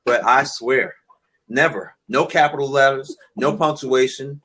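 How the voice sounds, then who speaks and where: Bright-voiced man telling jokes. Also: mid-range voice, unhurried. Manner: joking storyteller, repeats words when starting. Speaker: guest. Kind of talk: casual chat.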